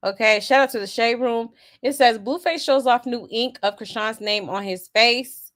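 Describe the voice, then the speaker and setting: A woman's voice: a little high, moderate pace, fairly bright tone. A woman hosting a casual celebrity gossip commentary, sassy and exasperated, reading out viewer comments and laughing along. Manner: sassy, exasperated, full of asides.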